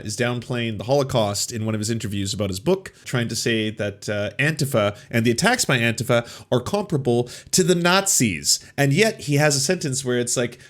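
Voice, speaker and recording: A man hosting a political commentary show, reacting to clips with mocking, sarcastic asides. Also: medium pitch.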